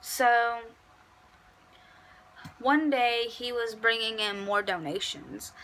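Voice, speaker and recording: A woman's voice: fairly high pitch, takes it slowly, a bit bright, rough recording. A young adult woman in a casual storytime, telling a petty workplace story in a chatty, sassy way. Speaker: vlogger.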